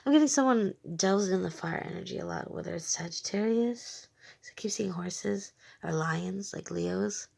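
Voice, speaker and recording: A tarot reader with a medium-pitched, creaky, slightly mellow voice talks at normal speed during a casual reading for her viewers. Frank and emphatic, she swears freely and repeats short phrases.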